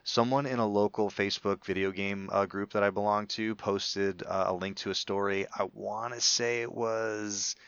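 A man's voice: lowish voice, fairly even intonation, normal speed, hardly any pauses, fairly bright tone, clean tone, no echo, lo-fi sound. A man in casual podcast chat, talkative and rambling with many restarts. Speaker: podcast co-host.

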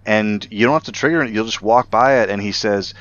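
A man with a low, smooth voice chatting eagerly about a game. He piles on fillers and restarts as his enthusiasm runs ahead of him. The sound is a little dull, as if from a lo-fi recording. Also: a little fast, a bit bright. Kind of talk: casual gaming chat.

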